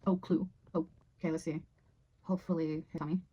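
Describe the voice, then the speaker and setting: A woman's voice: low voice, flat delivery, brisk, muffled recording. A young woman vlogger rambling through her year in a casual, chatty way, swearing freely. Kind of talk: casual year-in-review chat.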